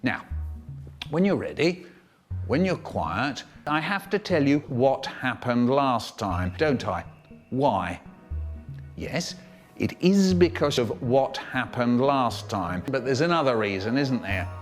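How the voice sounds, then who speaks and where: Animated man telling a spliced children's story. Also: soft background music. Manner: animated, drawn-out words, sudden squeaky pitch jumps.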